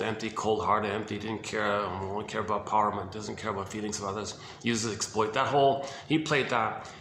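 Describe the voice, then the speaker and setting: A man's voice: fairly low pitch, pushed and bright. A man giving a rambling, casual talk about psychology, thinking aloud with many restarts. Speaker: video host. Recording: roomy echo with faint hiss.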